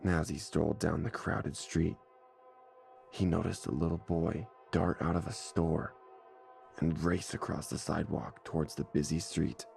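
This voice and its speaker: A man narrating a scripted horror story in a measured, deliberate way, with music playing behind him. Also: low-pitched, gravelly, a little mellow. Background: faint music score.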